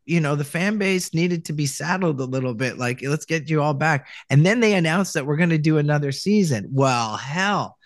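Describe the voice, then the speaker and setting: A man's voice: a little high, no echo. Canadian man telling his story, dry room. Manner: rambling, many restarts, acts out quoted lines. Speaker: voice actor guest. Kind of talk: casual interview storytelling.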